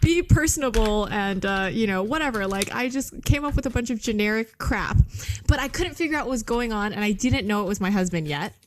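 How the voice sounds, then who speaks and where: A woman's voice: on the high side, a little fast, a little hiss or hum. A woman in her thirties, co-hosting a podcast, telling a story in casual chat with lots of laughter and swearing. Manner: animated, profane, laughing storyteller. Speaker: podcast co-host.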